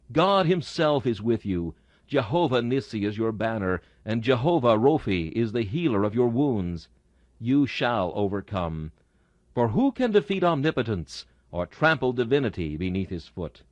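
A man reading an old sermon aloud in a solemn, dramatic manner, slowing down for emphatic phrases. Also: lowish voice, no room sound.

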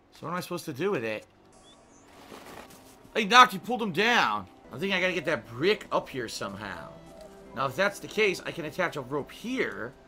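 A man shouts and curses his way through a game, his voice high and sharp, swooping up into yelps and dropping low to mutter. He breaks into sing-song teasing now and then. Game music plays faintly behind him. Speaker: gaming streamer. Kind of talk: frustrated game commentary.

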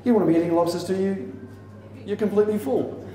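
A man's voice: sits high, fast, warm tone, a little hiss or hum. A man giving a motivational talk to teachers, telling stories theatrically with mock quotes. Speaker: motivational speaker. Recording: echoey hall from far off.

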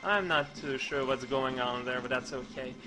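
A young man giving rambling, goofy game commentary in a deadpan way, with many stammered restarts. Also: medium pitch, normal speed, noisy background. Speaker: let's play commentator.

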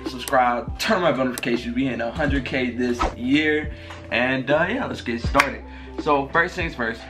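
A young man telling a fight story in an excited storytime vlog, full of slang and swearing, often jumping into high laughing squeals. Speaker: vlogger. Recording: music playing clearly behind. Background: music.

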